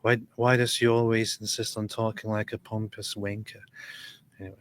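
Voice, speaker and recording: A man hosting a live stream in casual chat, greeting viewers and reading their comments in a relaxed way. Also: fairly low pitch, moderate pace.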